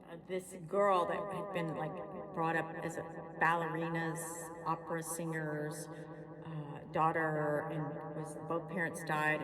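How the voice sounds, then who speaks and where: Woman, rambling home chat, slow and soft-spoken, echoey room. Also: deep voice, recorded from a distance. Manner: rambling, emotional, soft-spoken between songs. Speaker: vlogger singing along to music. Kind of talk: casual chat and singing carols. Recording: echoey room with loud backing music. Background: loud backing track.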